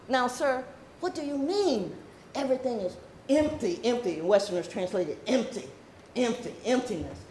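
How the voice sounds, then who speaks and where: An older woman from the American South, with a Southern accent, giving a meditation teaching to a group with playful, laughing asides. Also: a little high. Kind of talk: dharma talk to a group. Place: meditation hall. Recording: echoey hall with faint room noise.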